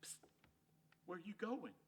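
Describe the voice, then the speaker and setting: A man's voice: high voice, sing-song, slow, breathy edge, distant mic, pitched above the performer's own voice, heavily acted. A man reading a storybook aloud and voicing a timid, nervous little male ranch dog who stammers. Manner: stammering, anxious.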